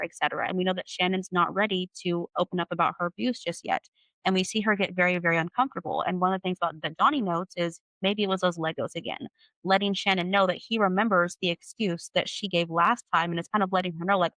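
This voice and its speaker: A woman's voice: on the low side, steady tone, fast talker, fairly bright tone, no echo, poor audio. A woman hosting a podcast, recapping a novel in an analytical way with many "like" and "you know" fillers. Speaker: podcast host. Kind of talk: book recap discussion.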